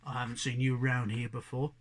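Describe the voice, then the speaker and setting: A man voicing a tough young female street cat who talks gruffly and bluntly, with a gravelly voice. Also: medium pitch, flat delivery, brisk, pitched below the performer's own voice, close to an everyday voice. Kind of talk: audiobook character reading.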